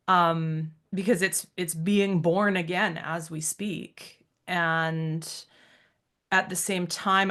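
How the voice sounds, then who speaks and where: Podcast co-host, woman in her thirties, lowish voice, earnest and reflective. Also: fairly bright tone. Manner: reflective, heartfelt, many fillers. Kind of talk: casual podcast chat.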